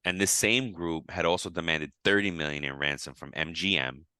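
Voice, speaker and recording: Very deep-voiced man co-hosting a podcast. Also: a little fast, clear, resonant tone, no echo. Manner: animated, jumps to high pitch when quoting himself. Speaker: podcast co-host. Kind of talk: casual podcast chat.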